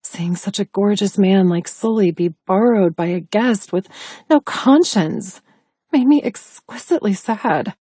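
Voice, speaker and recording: A woman narrating an audiobook in the first person, in an intimate, breathy storytelling manner. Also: mid-range voice, expressive, measured pace, dark tone, no room sound.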